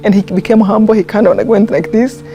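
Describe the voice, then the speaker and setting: A woman, telling a personal story in a documentary interview, earnest and heartfelt, often pausing and restarting. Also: medium pitch, steady tone, warm tone, faint music behind. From Rwanda. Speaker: interviewee, genocide survivor.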